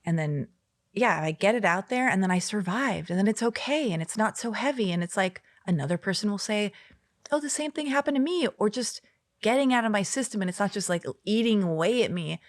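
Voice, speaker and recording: A woman in her forties tells stories with lively, animated energy and acts out every quote. Her voice sits in a middle register and is recorded close and dry, with no room sound. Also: medium pitch, a little fast, no echo. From Los Angeles. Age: 40s. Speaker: guest. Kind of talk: casual chat.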